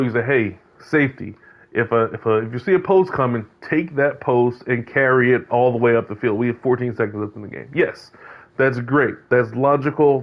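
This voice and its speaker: Male host, mid-range voice, offhand rambling monologue full of fillers, muffled lo-fi audio. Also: mid-range voice. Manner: rambling, many fillers and restarts. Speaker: host of a video game league check-in. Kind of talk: casual commentary monologue. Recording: dull lo-fi sound.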